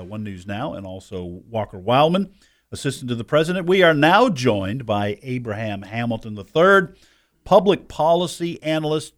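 A man with a Boston accent hosting a talk radio show, chatty and jokey. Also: mid-range voice. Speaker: fill-in talk radio host.

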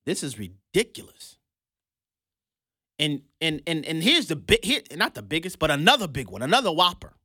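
Sarcastic high-voiced male commentator. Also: very animated, moderate pace, bright, forceful tone, husky, dry recording, studio quality. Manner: sarcastic, mocking, laughs often, stammers and repeats for emphasis. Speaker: political commentary host. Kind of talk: opinionated commentary monologue.

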